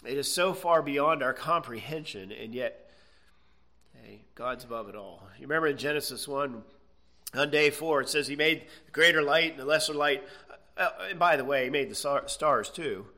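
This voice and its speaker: A man's voice: medium pitch, moderate pace, sharp tone. A man preaching a sermon, earnest and emphatic, stretching out key words and checking in with "okay?". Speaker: pastor.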